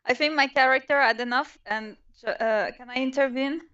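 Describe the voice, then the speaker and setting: A woman's voice: sits high, moderate pace, a bit bright, smooth, dull audio. A woman, a non-native English speaker, playing in a tabletop game and speaking hesitantly with many fillers. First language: not English. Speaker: player. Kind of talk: casual tabletop play.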